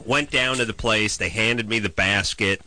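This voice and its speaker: A man hosting a radio show, telling rambling, animated comic stories in casual banter from a studio microphone. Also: lowish voice, normal speed. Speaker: radio host.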